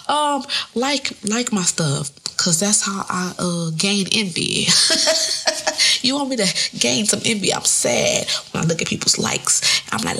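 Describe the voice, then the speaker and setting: A woman's voice: mid-range voice, very animated, unhurried, gravelly, a bit bright, breathy edge. A woman in her thirties hosting her own podcast. She talks solo in a rambling, joking, profane way. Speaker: podcast host. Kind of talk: casual solo podcast monologue.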